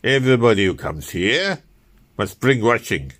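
A man's voice: mid-range voice, sing-song, moderate pace, fairly bright tone, husky, voice pushed up. A man voicing a fussy, unshaven male revolutionary organizer who scolds a newcomer. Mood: fussy scolding.

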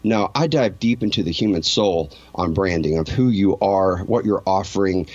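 A man with a fairly low voice is interviewed, and he tells a personal story earnestly and with feeling, circling back and restarting his thoughts. The sound is dry and a bit dull and lo-fi. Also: moderate pace, darkish tone, no echo. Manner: emotional, earnest, rambling with many restarts. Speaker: interview guest.

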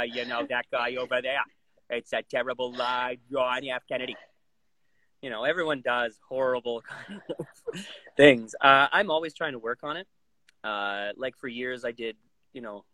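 A man's voice: medium pitch, dry recording. A man who works as a voice actor, chatting casually in an interview and slipping into voices and impressions as he talks. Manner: animated, jumps into voices and impressions mid-sentence. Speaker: voice actor guest.

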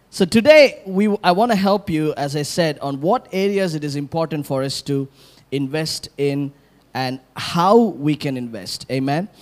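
A male pastor preaching a sermon, animated and calling on the congregation to repeat lines after him. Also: a little high. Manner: animated, calls for congregation responses.

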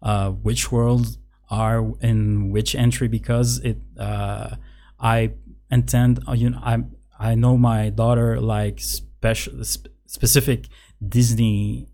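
A father chatting casually, halting often with fillers and restarts. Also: mid-range voice, little pitch movement, warm tone. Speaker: parent, podcast co-host. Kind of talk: casual chat.

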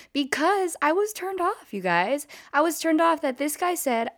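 A young woman telling a personal story to her viewers in a casual, animated way, with lots of "like" and "you know". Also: high-pitched, moderate pace. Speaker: vlogger.

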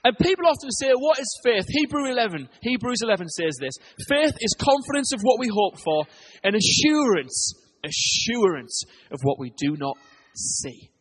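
Husky, animated preacher. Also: male voice, very high voice, normal speed. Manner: animated storytelling preacher, swings between loud and hushed. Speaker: pastor. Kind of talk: sermon.

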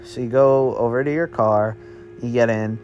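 A man's voice: mid-range voice, steady tone, moderate pace, a little mellow, lo-fi sound, a little hiss or hum. A man making up a spooky story as he goes, in a meandering, offhand, slangy way. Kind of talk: improvised spooky story narration.

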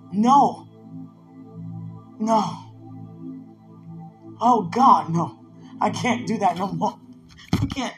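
A person praying aloud in ecstatic prayer, emotional and laughing, swinging from loud cries to hushed whispers. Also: medium pitch, lively intonation, drawn-out words, long pauses. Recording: roomy echo with soft music.

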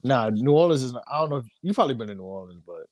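A man co-hosting a podcast, chatting casually with animated, slangy, joking banter. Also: mid-range voice, racing, dry recording. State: tired. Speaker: podcast co-host. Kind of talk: casual chat.

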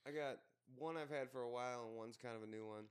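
A man's voice: mid-range voice, fast, clear, resonant tone. Rambling, mumbly young man chatting. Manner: rambling, jokey, trails off into mumbles. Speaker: podcast co-host. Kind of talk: casual chat.

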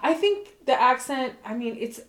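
A woman's voice: high-pitched, lively intonation, moderate pace, fairly bright tone. Easygoing Californian woman thinking aloud. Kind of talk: casual chat. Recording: echoey room.

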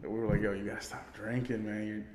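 A man's voice: fairly low pitch, level tone, fast talker, a little mellow, a little hiss or hum. A man telling a party story in casual chat, rambling and swearing, laughing often. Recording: roomy with long reverb.

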